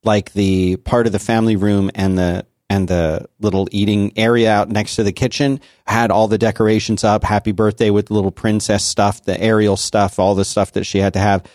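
A man in his thirties chatting casually and telling animated family stories, acting out the voices of his relatives. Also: on the low side, moderate pace, few pauses, dry recording, clean studio sound. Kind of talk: casual chat.

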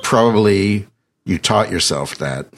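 Deep husky-voiced man hosting. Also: expressive, a little slow, fairly bright tone. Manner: jokey, rambling, self-deprecating. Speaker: podcast host. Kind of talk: conversational podcast interview.

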